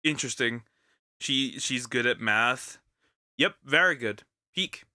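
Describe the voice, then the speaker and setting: A male streamer reacting to videos, excitable and profane, often stammering. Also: medium pitch, slow pace, dry recording, clean studio sound. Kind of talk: reaction commentary.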